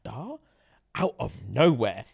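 A young man, co-hosting a podcast and recounting a reality show with lively slang-heavy storytelling. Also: medium pitch, measured pace, vocal fry, breathy edge. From England. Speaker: podcast co-host. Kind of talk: casual chat.

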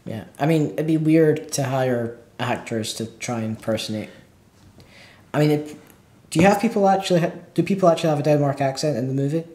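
A man's voice: fairly high pitch, a little fast, darkish tone. A man co-hosting a casual film chat, opinionated and steering the talk with questions. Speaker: film club co-host. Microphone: single microphone in front of a camera. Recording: roomy echo.

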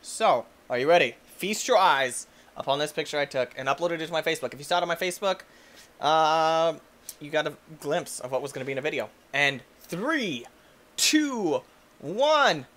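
Goofy, excitable young man gaming. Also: on the high side, moderate pace. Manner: goofy and excitable, shouts and yelps, silly quoted voices. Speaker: gaming YouTuber. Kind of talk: energetic gameplay commentary.

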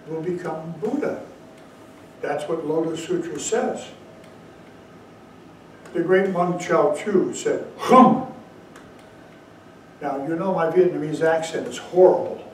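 A man giving a dharma talk as a Zen teacher, telling stories with slow emphatic asides, recorded far from the mic in a very echoey hall. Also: on the high side, a little mellow, a little hiss or hum. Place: meditation hall.

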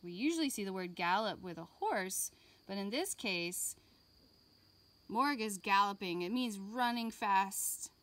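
A woman teaching an online art lesson for young children, explaining slowly and patiently. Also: mid-range voice, animated, fairly bright tone.

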